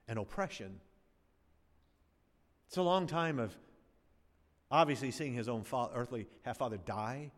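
A man preaching a sermon as pastor, swinging from emphatic rises to hushed, slowed phrases. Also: medium pitch. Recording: long hall reverb.

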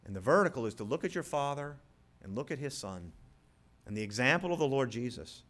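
A man preaching a sermon as pastor, moving from quiet storytelling to loud, rising appeals. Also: medium pitch, sing-song, brisk.

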